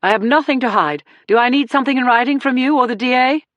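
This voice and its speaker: A woman's voice: sits high, fast, dry recording, dull audio, voice pushed up, natural voice. A woman reading the part of a slick, defensive male murder suspect who sputters and pleads in a raised voice.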